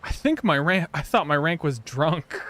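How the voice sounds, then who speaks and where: Playful, high-voiced American man streaming. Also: animated, normal speed, a bit bright. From United States. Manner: playful, joking, rambling asides. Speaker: game streamer. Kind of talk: casual gameplay commentary.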